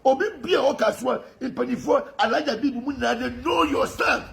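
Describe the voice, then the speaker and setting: Ghanaian male commentator, high raspy-fry voice, impassioned monologue with frequent laughs. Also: a little fast, a bit bright. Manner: fervent, often laughing mid-sentence. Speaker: political social media commentator.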